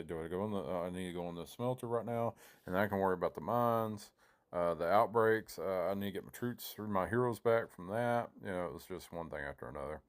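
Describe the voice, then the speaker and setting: A man's voice: lowish voice, clean tone. A man giving casual, rambling commentary over his own gameplay, often breaking off mid-sentence to replay his own panicked thoughts. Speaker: gaming YouTuber.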